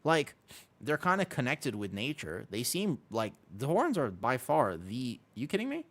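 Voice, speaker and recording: A man's voice: medium pitch, normal speed. A young man streaming a video game, chatting casually and rambling to his viewers, laughing often. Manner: rambling, animated, laughs often, talks to chat. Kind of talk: casual livestream chat while gaming.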